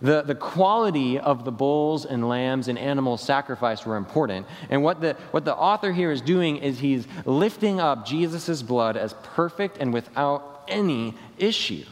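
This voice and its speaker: A man preaching a Sunday sermon as pastor, slowing down and dropping his voice at the ends of key phrases. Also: mid-range voice, animated. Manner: preaching with falling endings and slowed emphatic phrases. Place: church sanctuary. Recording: long reverb of a church hall.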